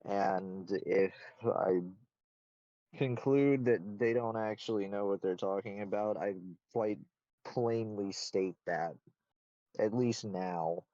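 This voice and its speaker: Male interviewee, low-leaning voice, self-assured and blunt, dry muffled video-call sound. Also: takes it slowly, warm tone, no room sound. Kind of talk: casual conversational interview.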